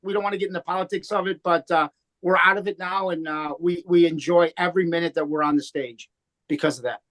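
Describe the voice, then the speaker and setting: A comedian with a high voice chats in an interview. He talks loosely and rambles, circling back with lots of "uh" and restarts. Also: steady tone, fast, fairly bright tone. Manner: rambling, many restarts and fillers. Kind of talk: casual interview chat.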